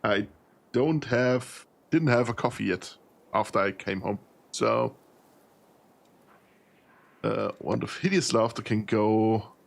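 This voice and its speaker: A man's voice: fairly low pitch, slow pace, creaky, long pauses. A tired man streaming a role-playing game, thinking aloud as he sorts loot, often laughing. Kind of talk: casual gameplay commentary.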